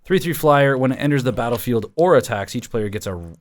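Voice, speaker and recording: A man in a loose, casual podcast chat, stopping and starting as he reads card rules aloud. His voice sits at a middling pitch. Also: lively intonation. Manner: reads card text aloud, halting with fillers. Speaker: podcast host.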